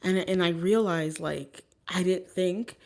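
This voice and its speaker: A woman's voice: lowish voice, fairly even intonation, slow pace, a little hiss or hum. A woman telling a personal story in a casual, rambling way, with many fillers and restarts. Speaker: vlogger.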